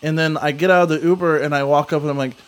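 A young man with a slightly raised pitch tells a story in easy, casual chat. He rambles, stacking fillers and restarts as he goes. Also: fairly even intonation, rapid-fire.

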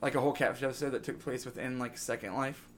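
A man's voice: mid-range voice, flat delivery, fast talker, slight background noise. A young man hosting a casual podcast, joking and rambling through the sign-off. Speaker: podcast host.

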